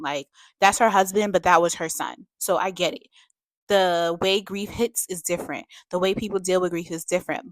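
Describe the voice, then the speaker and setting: A young adult woman chats through a casual book review vlog, peppering her speech with "like" and "you know" and breaking into emphatic rants. Her voice is fairly low with a fairly bright tone, captured as clean studio sound with no room sound.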